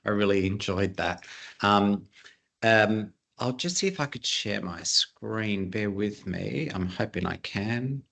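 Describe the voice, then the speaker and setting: A man's voice: on the low side, expressive, slow pace, gravelly, a bit bright. A man presenting at an online conference over a video call, earnest and chatty, with frequent fillers.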